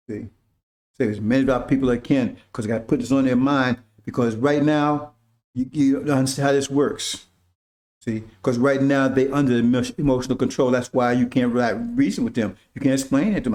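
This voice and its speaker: A man's voice: medium pitch, a little mellow. A man preaching informally to his followers, talking emphatically in casual street slang and often asking "See?". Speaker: religious teacher.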